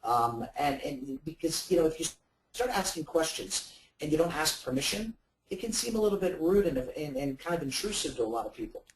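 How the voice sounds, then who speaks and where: A man's voice: a little high, expressive, a little fast, reverberant, a little hiss or hum, low-quality recording. A man giving sales advice as a webinar guest, talking in a rambling way with many fillers and restarts. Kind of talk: webinar talk.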